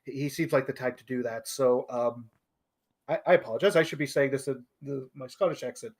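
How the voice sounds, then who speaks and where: A man's voice: medium pitch, fairly quick. A man playing a tabletop game who thinks aloud and hesitates, laying out his character's orders. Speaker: player.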